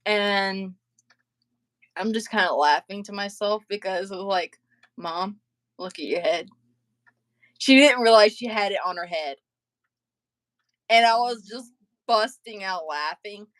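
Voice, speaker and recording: A woman's voice: mid-range voice, measured pace, pauses often, dry recording. Woman streamer, casual storyteller, loose and laughing, dry close mic. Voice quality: filler-heavy, laughs often while telling stories. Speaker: livestream host. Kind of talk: casual chat.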